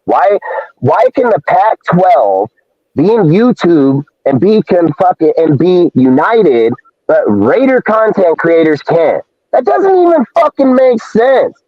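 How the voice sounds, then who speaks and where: A man's voice: high voice, very animated, slow, dry recording. A man hosting a live show, ranting in a heated, profane, confrontational way. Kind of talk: live-stream rant. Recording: dull lo-fi dry stream audio.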